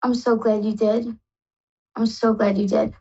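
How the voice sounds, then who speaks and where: A woman's voice: on the high side, flat delivery, a little slow, dark tone, slightly rough, lo-fi sound. Effusive woman psychic host. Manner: effusive, tearful, calls everyone love. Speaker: psychic reader hosting a call-in show. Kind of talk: live call-in psychic reading.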